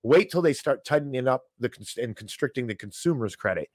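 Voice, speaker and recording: A man's voice: medium pitch, animated, brisk, dry recording. A man hosting a financial news show, giving sarcastic, ranting commentary on economic headlines and peppering it with "okay?" asides.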